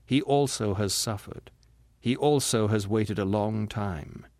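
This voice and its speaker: A man doing a calm, gentle spirit brother. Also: fairly low pitch, a little slow, no echo, clean studio sound. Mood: patient, earnest. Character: patient, gentle bright spirit, the ghost's brother. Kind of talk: audiobook character reading.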